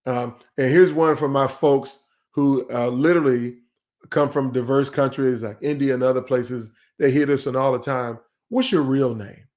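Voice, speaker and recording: A middle-aged man leads a live online leadership talk in a mid-range voice that is neither high nor low. His delivery is conversational and emphatic, and he sometimes doubles back on words as he presses a point. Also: fairly even intonation, normal speed, darkish tone. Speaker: leadership speaker hosting a live session.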